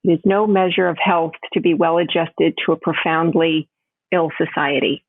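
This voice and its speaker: Lively new york lady coach, laughs a lot, voice goes way up for quotes, dry tinny phone sound. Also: normal speed, breathy edge, no echo. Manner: animated, laughs often, jumps up in pitch for quoted voices. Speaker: health coach guest. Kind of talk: casual podcast interview.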